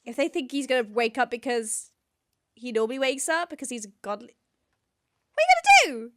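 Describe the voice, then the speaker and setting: A woman's voice: high-pitched, sing-song, a little fast, a bit bright, dry recording. A woman hosting a reaction video, exclaiming, gasping and laughing as she watches. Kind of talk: excited reaction commentary.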